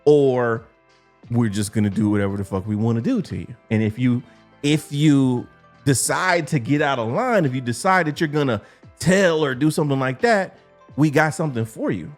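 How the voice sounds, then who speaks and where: A man voicing a stern, gruff male drill sergeant who swears and barks threats in his own lowered voice. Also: lively intonation, normal speed, faint music behind, close to an everyday voice. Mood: menacing. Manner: profane, threatening, clipped commands.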